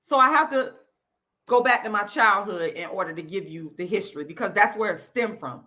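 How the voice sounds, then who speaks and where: Bright-voiced woman ranting on camera. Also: mid-range voice, animated, brisk. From Florida, US. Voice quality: loud, profane, repetitive emphatic delivery. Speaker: YouTube channel host. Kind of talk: angry direct-to-camera rant.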